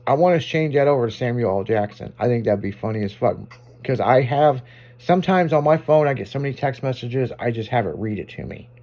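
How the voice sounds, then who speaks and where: A man's voice: medium pitch, lively intonation, warm tone. Profane, laid-back male radio host. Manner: loose, profane, quick to laugh. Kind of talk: casual chat.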